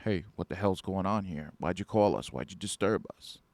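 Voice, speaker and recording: A man's voice: sits low, normal speed, vocal fry, a little mellow, no echo. A man voicing a skeptical male police officer who questions a security guard in an exasperated tone.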